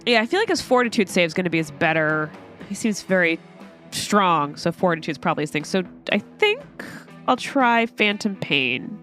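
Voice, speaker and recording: Playful, lively female tabletop player. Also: fairly low pitch, normal speed, soft background music. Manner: playful, chatty. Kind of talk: casual chat at a tabletop game.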